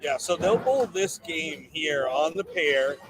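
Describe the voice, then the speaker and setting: A man co-hosting live bowling commentary from a booth, chatting in a relaxed way. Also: a little high, takes it slowly, background noise. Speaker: co-host commentator. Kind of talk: casual live sports commentary. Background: music playing.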